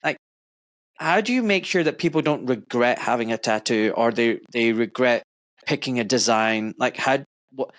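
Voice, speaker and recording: A middle-aged Glaswegian man hosts a podcast in a dry, close recording. He talks in an earnest, effusive way, wandering through his thoughts with fillers. His pitch sits in the middle range. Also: moderate pace, a bit bright, no room sound. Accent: Glaswegian Scottish. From Scotland. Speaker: podcast host. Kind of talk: warm conversational interview.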